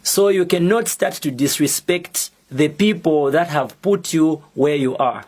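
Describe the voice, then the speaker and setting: A young man from Zambia with a Zambian accent delivers a prepared public statement as an activist. His voice sits somewhat high, and he talks slowly and deliberately. He keeps a steady, defiant tone throughout. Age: young adult.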